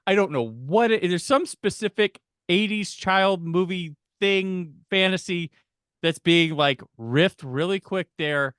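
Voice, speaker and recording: Smooth-voiced man, dry close sound. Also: high-pitched, fairly bright tone, no room sound. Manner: rambling, laughs often, quick mimicry of lines. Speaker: podcast host. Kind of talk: casual movie chat.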